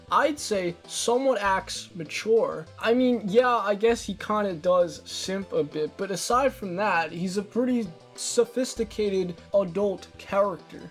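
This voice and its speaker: High-pitched young male video essayist, sarcastic scripted rant, soft music behind. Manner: exasperated, sarcastic. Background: faint background music.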